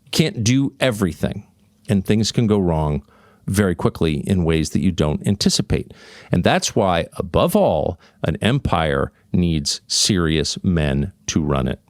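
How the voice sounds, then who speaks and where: A man's voice: low-pitched, expressive, measured pace, darkish tone, dry recording, clean studio sound. A man hosting an opinion monologue, sardonic and mocking. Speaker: host.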